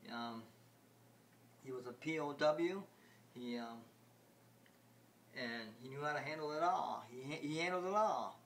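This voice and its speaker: Rambling, halting man vlogging. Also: fairly high pitch, fairly bright tone, a little hiss or hum. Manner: halting and repetitive, many restarts. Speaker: video game vlogger. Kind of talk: rambling home video chat.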